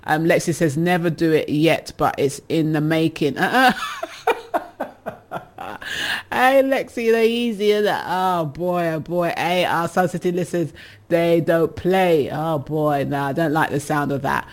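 A woman's voice: low voice, fairly even intonation, normal speed. A woman hosting a casual advice show, reading listener messages and teasing them with laughter. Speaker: radio advice show host.

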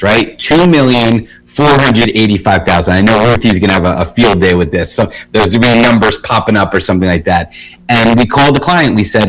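A middle-aged man, a personal injury lawyer, tells a case story on a radio show in a casual way. He often repeats and restarts his words and speaks in quick bursts. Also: on the low side, fairly bright tone, poor audio.

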